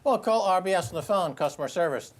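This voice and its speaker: A man's voice: animated, fast talker. A man co-hosting a talk show, giving mocking, exaggerated political commentary. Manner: mocking, exaggerated, sweeping pitch.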